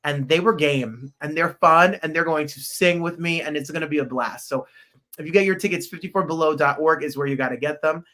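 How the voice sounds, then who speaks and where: A man hosting a podcast in casual, excitable, rambling livestream chat. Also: fairly high pitch, a little fast. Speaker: podcast host.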